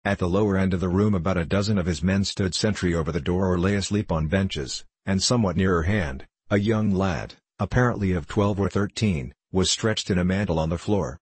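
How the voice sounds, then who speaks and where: Low husky guy reading an old novel, dry close mic, even and measured. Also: no room sound. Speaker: audiobook narrator. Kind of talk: scripted narration of a classic novel.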